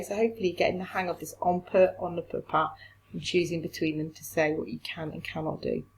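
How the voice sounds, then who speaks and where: A woman's voice: fairly low pitch, low-quality recording. A woman, a French teacher explaining step by step in a recorded remote lesson, encouraging her pupils.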